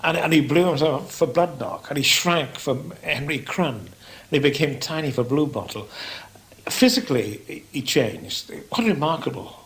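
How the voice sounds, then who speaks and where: A man reminiscing with admiration as an interviewee, in a measured way. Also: fairly high pitch, expressive, fairly bright tone, poor audio.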